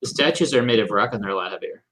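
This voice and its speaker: A man's voice: lowish voice, racing, noisy background. A man running a tabletop game as game master, giving matter-of-fact rulings and asking clarifying questions.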